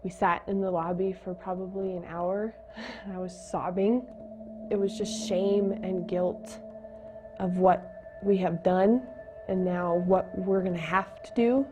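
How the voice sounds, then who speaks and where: A young woman giving a personal testimony, speaking in a halting, emotional way with pauses and restarts. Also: on the low side, steady tone. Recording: dull lo-fi sound with faint music.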